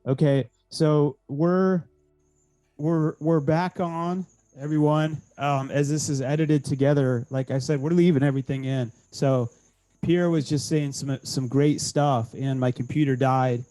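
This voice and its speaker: A man co-hosting a casual podcast, agreeable and halting, with frequent restarts and dry jokes. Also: on the high side, steady tone, mellow, soft background music, rough recording. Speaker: co-host.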